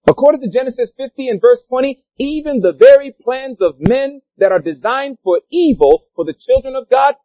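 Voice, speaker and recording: A man preaching with a high, animated voice that leaps up and down in pitch. He puts questions to his congregation and moves between booming declarations and hushed asides. The sound is dry and a little dull, with little room around it. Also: dry recording. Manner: swings between loud declarations and quiet asides. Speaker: pastor. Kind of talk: sermon.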